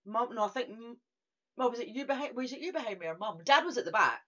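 A woman's voice: fairly high pitch, expressive, quick pace, sharp tone. A woman co-hosting a podcast, chatting animatedly and stumbling over her words now and then. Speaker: podcast co-host. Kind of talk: casual chat. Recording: dull lo-fi podcast audio.

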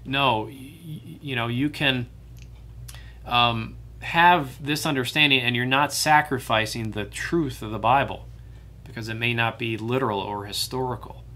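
A man with a bright, forceful voice teaches a church Bible study. He talks conversationally, pausing on fillers and restarting his sentences, over a faint hiss of background noise. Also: mid-range voice. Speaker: pastor leading Bible study.

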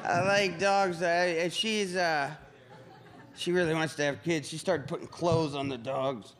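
A man's voice: a little high, fairly even intonation, fairly bright tone. A man doing a rambling, profane stand-up set and introducing the next comic on a club stage. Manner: rambling, halting restarts, profane. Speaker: stand-up comedian and emcee. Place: comedy club stage before a live audience. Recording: live club recording with crowd laughter.

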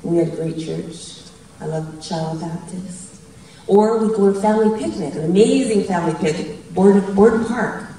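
A woman's voice: medium pitch, moderate pace, warm tone, a little hiss or hum. A woman in her fifties giving a chatty, anecdotal public talk as a guest speaker and laughing at her own jokes. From Canada. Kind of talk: public storytelling speech. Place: large event hall. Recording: very echoey hall from a distant mic.

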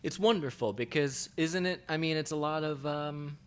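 A man's voice: on the high side, moderate pace, a little hiss or hum. A man co-hosting a podcast in casual chat, rambling and searching for words with lots of fillers. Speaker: podcast co-host.

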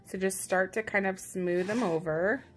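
A woman's voice: mid-range voice, normal speed, soft background music. A woman hosting her own vlog, chatting casually and upbeat with a self-teasing streak as she walks through a how-to in her home kitchen. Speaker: parent and vlog host.

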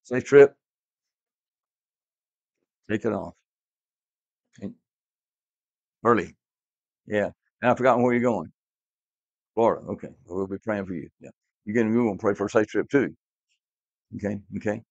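A man's voice: fairly low pitch, moderate pace, vocal fry, long pauses, dry recording. A man teaching a class Bible lesson, emphatic and repetitive, quizzing his students in a classroom. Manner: emphatic, repeats key words, quizzes the class. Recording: dull lo-fi, dry.

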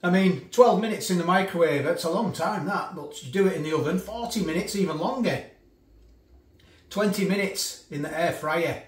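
A man's voice: high-pitched, moderate pace, far from the mic. Chatty man in an echoey room. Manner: chatty, eats while talking, restarts. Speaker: food reviewer. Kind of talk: casual food review vlog.

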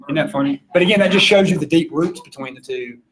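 A man's voice: on the high side, quick pace, a bit bright, rough recording. A man with a Southern US accent from Georgia, giving an informal philosophy lecture, chatty and quizzing the class. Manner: chatty, asks the class questions, laughs often. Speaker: philosophy teacher.

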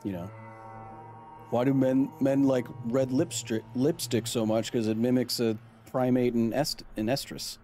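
A man's voice: mid-range voice, steady tone, measured pace, warm tone, faint music behind. A man hosting a live game stream, rambling and joking with his chat as he plays. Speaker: streamer and science host.

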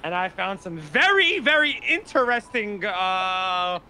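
Bright high-voiced man who stammers. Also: very animated, a little slow, a little hiss or hum. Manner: stammering, swears a lot, blunt. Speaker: roleplay player. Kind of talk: in-character roleplay chat.

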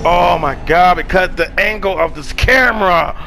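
High-pitched man shouting at a video game. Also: normal speed, vocal fry, noisy background. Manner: loud, cursing, shouting at the game. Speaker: gaming channel host. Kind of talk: excited live gameplay commentary.

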